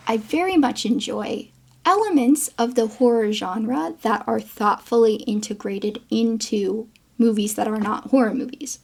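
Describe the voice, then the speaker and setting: A woman hosts her own film commentary channel, chatting with playful asides and small laughs. Her voice sits a little high but keeps dropping into gravelly vocal fry. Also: a little mellow. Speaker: geographer and film commentary host. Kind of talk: casual film commentary to camera.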